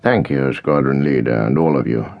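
A man reading an audiobook, voicing a calm, grave senior British captain who speaks in a measured, authoritative way, on a dull lo-fi recording. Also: rumbling low, gravelly.

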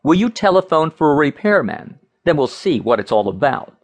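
A man's voice: on the high side, very animated, normal speed, pitched above the performer's own voice. A man voicing a skeptical, sardonic young man in a dry, doubting manner.

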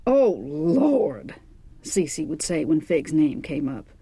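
Mellow-voiced woman narrating an audiobook. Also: sits low, fairly even intonation, measured pace, slightly rough. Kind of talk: first-person audiobook narration.

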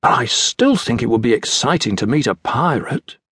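A man voicing a dreamy, adventurous young girl of high society in an audiobook. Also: big pitch swings, moderate pace, a bit bright, husky, no echo, studio quality. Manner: dreamy, eager.

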